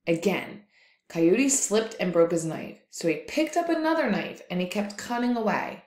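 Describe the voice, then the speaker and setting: A woman teacher telling a folktale aloud for a lesson, in an expressive, lively read-aloud style. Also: medium pitch, normal speed, echoey room. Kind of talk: storytelling for a lesson.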